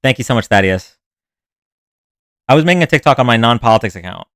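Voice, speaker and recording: A man hosting a casual live stream, rambling from one thing to the next and answering viewers' comments as they come in. His voice sits in a middle pitch and sounds dry and close, with no room around it. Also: lively intonation, quick pace, a bit bright, dry recording. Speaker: livestream host. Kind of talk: casual livestream chat.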